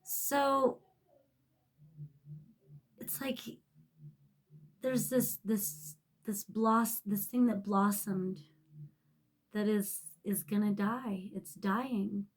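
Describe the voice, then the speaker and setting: A woman's voice: medium pitch, steady tone, extremely slow, pauses often, slightly rough. Emotional, swearing woman tarot reader. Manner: emotional, rambling, swears freely, often drops to a soft near-whisper. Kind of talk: casual tarot reading to camera.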